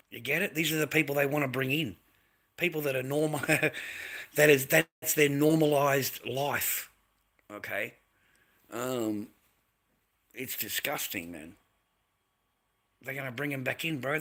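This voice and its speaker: A man's voice: medium pitch, pushed and bright. An Australian man ranting on a live stream, aggressive and profane, repeating himself and snapping back at viewers in chat. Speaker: livestreamer. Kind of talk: angry live-stream rant.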